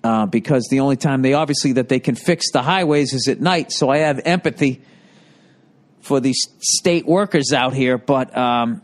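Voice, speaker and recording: A man's voice: medium pitch, moderate pace. A middle-aged man hosting a casual, profanity-heavy monologue, ranting and self-deprecating. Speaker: comedian and podcast host.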